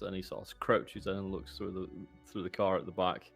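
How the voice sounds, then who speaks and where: A man's voice: low voice, little pitch movement, brisk, gravelly, hardly any pauses, husky, faint music behind. A man narrating as game master, hesitant with many filler words.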